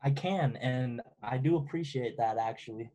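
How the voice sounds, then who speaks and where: A man's voice: mid-range voice, normal speed, warm tone. A young man joining a casual live-stream chat as a guest, laid-back as he plugs his own account.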